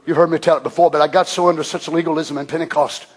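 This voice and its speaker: An older man preaching a fervent sermon as pastor in a church, shouting at times and dropping to hushed tones. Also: fairly high pitch, little pitch movement, very fast. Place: church sanctuary.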